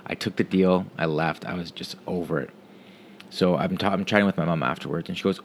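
A man's voice: low-pitched, fairly even intonation, a little fast, slight background noise. A man telling a rambling, profane story about his vacation in a casual monologue.

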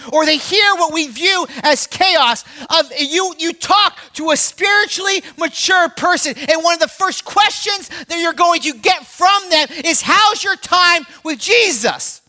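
A man in his thirties preaching a sermon, animated and storytelling, swinging between loud emphasis and hushed asides. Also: very high-pitched. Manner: repeats words, storytelling. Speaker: pastor.

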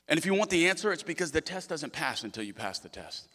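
A young man preaching a sermon as pastor, animated and acting out voices in the quotes he tells. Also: a little high, quick pace, hardly any pauses. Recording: long hall reverb.

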